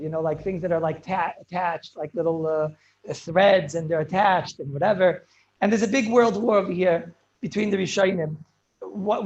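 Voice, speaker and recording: High-voiced rabbi giving a rapid class. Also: male voice, a little mellow, highs cut off. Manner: quick, halting delivery with many restarts; mixes English with Hebrew and Yiddish terms. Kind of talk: Torah lecture to students.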